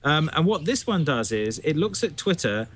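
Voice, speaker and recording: A man's voice: a little high, big pitch swings, moderate pace. A man from the UK, a guest on a casual tech panel, explaining things with frequent restarts. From United Kingdom.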